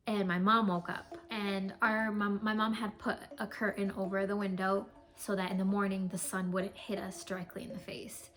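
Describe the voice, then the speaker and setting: A young woman casually telling a spooky family story, rambling with lots of fillers. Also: medium pitch. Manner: rambling, filler-heavy, animated. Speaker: co-host.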